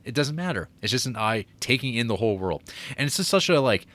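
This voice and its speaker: A man's voice: mid-range voice, very animated, quick pace, fairly bright tone. A man co-hosting a film podcast, chatting casually in a rambling way with lots of fillers. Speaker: podcast co-host. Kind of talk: casual film review chat.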